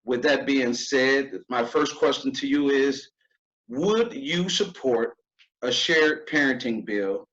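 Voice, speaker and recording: A man's voice: medium pitch, takes it slowly, fairly bright tone, dull audio. A man hosting an interview show, speaking in an earnest, conversational way with fillers. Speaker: host. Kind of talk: podcast interview.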